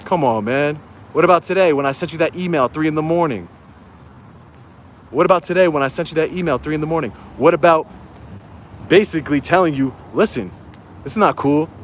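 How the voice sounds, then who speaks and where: A man with a fairly high voice rants into his phone outdoors during a livestream. He is heated and repetitive, and he keeps rallying his viewers. Faint street noise hums behind him. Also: quick pace, pauses often. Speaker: YouTube auditor livestreaming. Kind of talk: angry livestream rant.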